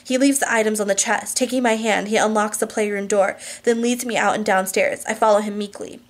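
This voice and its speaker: A woman's voice: mid-range voice, brisk. Woman reading a novel aloud. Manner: steady, even reading with occasional stumbles over words. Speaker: audiobook reader. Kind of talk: first-person novel narration.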